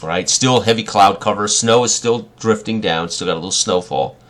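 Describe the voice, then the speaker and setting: A man's voice: on the low side, moderate pace, fairly bright tone. A man running a tabletop role-playing game as game master, describing scenes with many fillers and restarts.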